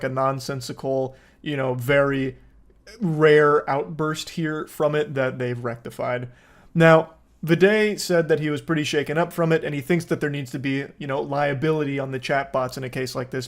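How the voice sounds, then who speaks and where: A man giving casual commentary on a news story, dry and wry, swearing and cracking jokes along the way. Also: on the high side. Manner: dry, wry delivery laced with profanity and jokey asides. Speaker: commentator host.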